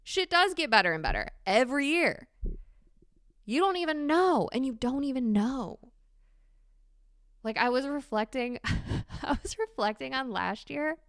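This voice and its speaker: A woman hosting a solo podcast, talking candidly and swearing freely with animated emphasis. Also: sits high, measured pace, no room sound, clean studio sound. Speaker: podcast host. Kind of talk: casual solo podcast monologue.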